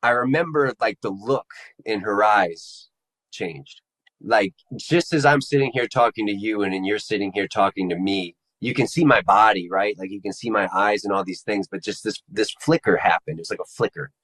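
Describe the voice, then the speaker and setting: A man telling his personal story to an interviewer in a casual, halting way, searching for the right words. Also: fairly low pitch, a bit bright, low-quality recording. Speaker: interview guest. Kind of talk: personal testimony in casual conversation.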